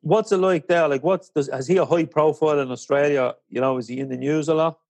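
A man's voice: on the high side, steady tone, a little fast, darkish tone, no room sound. A man hosting a podcast interview, asking chatty, friendly questions. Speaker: podcast host. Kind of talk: casual interview.

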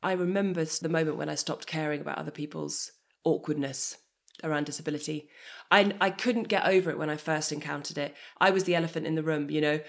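A woman's voice: low-pitched, quick pace, vocal fry. A woman in her thirties, a guest, talking candidly and with energy in a conversation, now and then swearing. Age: 30s. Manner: energetic and emotionally open, swears.

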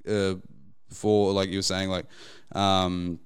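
A man's voice: low voice, flat delivery, slow pace, clear, resonant tone. A man, hosting a podcast, rambling casually with plenty of fillers and swearing. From Australia. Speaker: podcast host. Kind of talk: casual chat.

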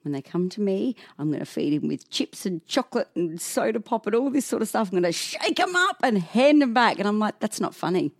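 A woman in her thirties co-hosting a podcast, telling animated stories in casual chat and laughing often. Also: mid-range voice, a little fast, hardly any pauses, no echo, clean studio sound. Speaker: podcast co-host.

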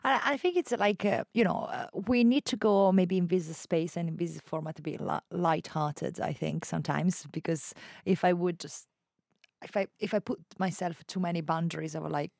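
A woman's voice: on the low side, moderate pace, gravelly, darkish tone, no echo, studio quality. A woman from Italy with an Italian accent, interviewing in conversation, hesitant and searching for words.

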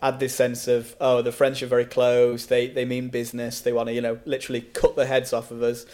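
A man's voice: mid-range voice, monotone, brisk, a little mellow. A man co-hosting a casual film review chat, opinionated and keen on history, often repeating words as he restarts. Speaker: podcast co-host reviewing a film.

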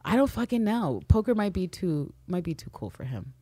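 Lower-voiced woman in dry, profane podcast chat. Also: a little fast, breathy edge, dry recording. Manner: animated, profane, acts out characters' lines. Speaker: podcast co-host. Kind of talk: casual recap chat.

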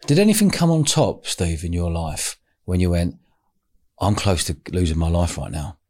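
A man's voice: low-pitched, big pitch swings, normal speed, mellow. A man from England hosting a podcast interview, encouraging his guest with short affirmations. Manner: supportive, frequent short affirmations. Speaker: podcast host. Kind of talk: casual interview.

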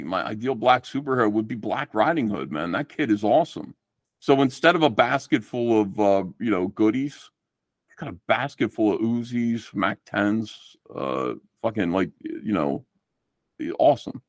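A middle-aged man talking casually as a podcast guest and acting out quoted exchanges as he goes. His voice swings widely in pitch. The recording is dry, with no room sound. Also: normal speed, no room sound. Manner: animated, swearing, acts out quoted exchanges.

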